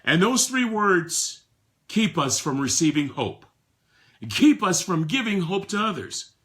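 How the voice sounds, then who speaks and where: An older man gives a motivational talk to a live audience, now soft and close, now ringing out emphatic lines. His voice sits fairly high and sounds bright and forceful. He often repeats words as he builds a point. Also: big pitch swings, unhurried. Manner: emphatic, swings from soft to loud acted quotes. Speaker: motivational speaker.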